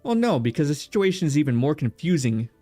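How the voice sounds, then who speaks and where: A man's voice: on the high side, sing-song, quick pace, dark tone, no room sound, faint music behind. A man streaming a visual novel game, joking around and chatting with his viewers and the characters. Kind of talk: casual let's-play chat.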